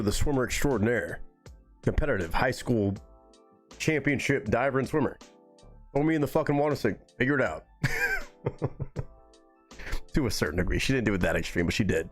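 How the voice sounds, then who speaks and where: A man on a live stream telling a story in a relaxed, rambling way, swearing freely. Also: mid-range voice. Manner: relaxed, rambling and heavily profane.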